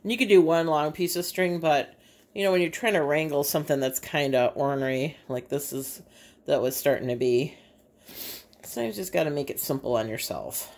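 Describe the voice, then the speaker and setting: In a low, a little mellow voice that moves a little fast, a woman with a Bay City, Michigan accent demonstrates a craft in her home kitchen. She's an artist and teacher, chatting casually and thinking aloud as she goes.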